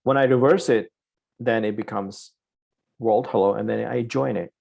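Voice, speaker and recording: Male coding instructor with a low, gravelly voice; talks through each step and keeps checking in with "right?". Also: normal speed, darkish tone. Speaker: programming instructor. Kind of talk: live online coding lesson.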